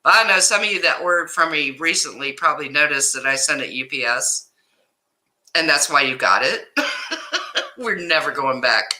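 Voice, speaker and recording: A middle-aged woman hosting a casual livestream, telling a story in an animated way and greeting viewers by name, upset and stressed. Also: low-pitched, low-quality recording. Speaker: livestream host.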